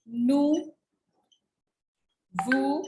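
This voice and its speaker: Slow, patient teacher woman. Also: high voice, darkish tone. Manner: slow, patient, repeats and quizzes students. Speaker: French teacher. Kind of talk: classroom lecture. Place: echoey classroom. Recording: echoey room with faint noise.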